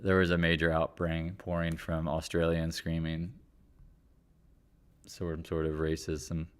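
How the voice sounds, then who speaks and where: A man's voice: rumbling low, completely flat delivery, a little slow, smooth. A man hosting a live market stream in a rambling, joking, offhand way, with the odd swear. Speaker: stock market livestream host. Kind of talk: casual live market chat.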